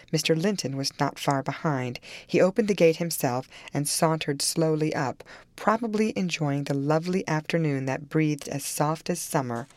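Low-voiced woman for dramatic first-person audiobook narration, dry studio sound. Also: a little mellow, no echo. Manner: measured, dramatic storytelling.

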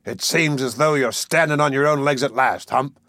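A man reading an audiobook, voicing a domineering sea captain who talks in a threatening, sardonic way, a bit higher and louder than his narration. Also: moderate pace, dry recording, clean studio sound, natural voice. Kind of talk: audiobook character voice.

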